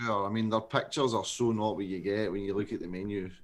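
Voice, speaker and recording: Guy, wry n low key, just chatting with mates. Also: fairly even intonation, quick pace. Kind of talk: casual chat.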